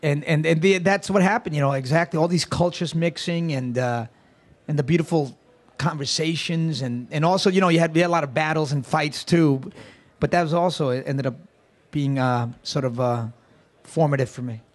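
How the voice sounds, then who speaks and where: Guesting on a casual interview, a Queens, New York comedic performer talks at normal speed in a fairly high-pitched voice. His stories wander and poke fun at himself, with frequent false starts.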